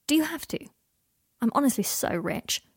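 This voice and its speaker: Harry Potter, a woman doing an earnest halting young man. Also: sits high, lively intonation, voice pushed up. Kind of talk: audiobook character voice.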